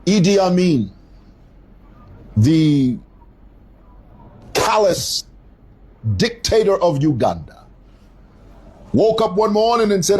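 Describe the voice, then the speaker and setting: A middle-aged man giving opinionated commentary, animated and storytelling, stretching words for emphasis. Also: sits high, slow pace, long pauses, slightly rough, rough recording. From Zambia.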